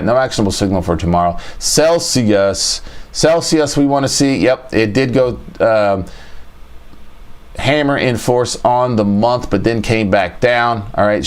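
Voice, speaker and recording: A man hosting a casual livestream chart review, thinking aloud, repeating his phrases and talking to his chat. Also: fairly low pitch. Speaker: trading show host.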